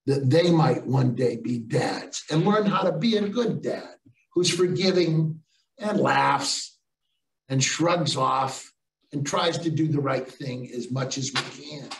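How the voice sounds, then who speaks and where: A man's voice: medium pitch, takes it slowly, vocal fry, reverberant, distant mic, low-quality recording. An older man giving a motivational storytelling talk to teachers, acting out the voices of people in his stories. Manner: animated, acts out voices in stories. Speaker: storytelling speaker.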